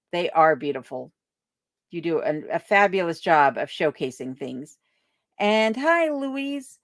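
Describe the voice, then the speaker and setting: A woman's voice: mid-range voice, no room sound, studio quality. A woman from Alaska hosting a casual livestream, reading viewer comments aloud and thanking people one by one. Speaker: livestream host reading chat. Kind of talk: casual live chat. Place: remote home in Alaska.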